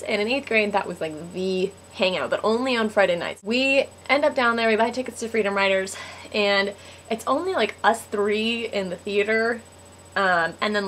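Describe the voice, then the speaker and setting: A woman's voice: mid-range voice, fairly bright tone, slight background noise. A teenage girl telling a personal story to camera in a casual, giggly way, full of "like". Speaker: vlogger.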